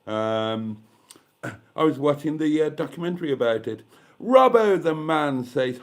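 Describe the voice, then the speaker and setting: A man's voice: on the high side, lively intonation, measured pace. A man with a stuffy head cold chatting casually on a live stream from a caravan, reading comments aloud with dry, self-mocking asides. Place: caravan with gas fire.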